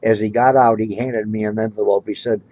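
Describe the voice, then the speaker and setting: A man's voice: fairly low pitch, flat delivery, a little fast, warm tone. A middle-aged man telling a long personal story in a casual, rambling way, often restarting his sentences. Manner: rambling, restarts often, acts out quoted lines. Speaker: storyteller recalling his cab-driving days.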